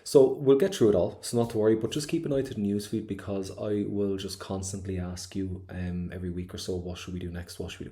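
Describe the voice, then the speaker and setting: Irish guy teaching an online class, low mellow voice, chatty and excited. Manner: chatty and enthusiastic, acts out quoted lines. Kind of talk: online exam-prep class.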